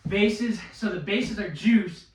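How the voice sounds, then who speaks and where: A young man telling a baseball story in casual chat. He talks in an animated way, swears a lot and loudly mimics other people's voices. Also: high-pitched, slow. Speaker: podcast guest, baseball player. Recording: echoey room, mic at a distance.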